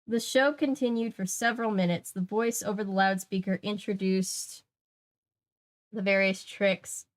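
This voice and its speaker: Young woman reading a kids book out loud, jokey little asides. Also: medium pitch, steady tone, unhurried. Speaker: channel host. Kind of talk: casual reading aloud with commentary.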